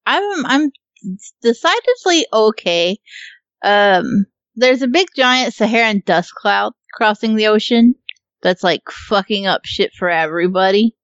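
Casting note: woman podcast co-host, smooth voice, laid-back, swears a lot, dull dry recording. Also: mid-range voice, expressive, measured pace, dry recording. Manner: laid-back, swears freely, laughs often. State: allergies, hiccups. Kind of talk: casual chat.

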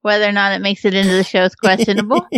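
A woman's voice: medium pitch, fairly even intonation, rapid-fire, a bit bright, dry recording, clean studio sound. A woman co-hosting a podcast in casual chat, talking frankly, swearing now and then, and laughing easily. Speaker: podcast co-host.

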